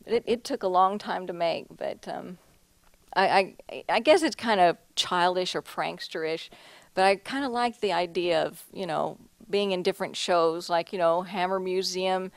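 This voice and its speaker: A woman's voice: mid-range voice, no echo. A woman artist giving a casual talk about her paintings, chatty and laughing often, with plenty of restarts and "you know"s. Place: museum lecture hall.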